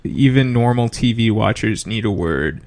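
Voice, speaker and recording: A man co-hosting a podcast in casual chat, measured and deadpan. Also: fairly low pitch. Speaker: podcast co-host.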